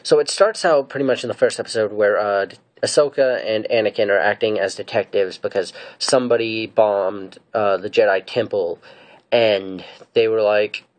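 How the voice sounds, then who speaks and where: A fan reviewer recaps episodes of a show and shares his opinions in a casual, rambling way. His voice is lowish and his pace moderate, and he's hesitant, with lots of fillers and restarts.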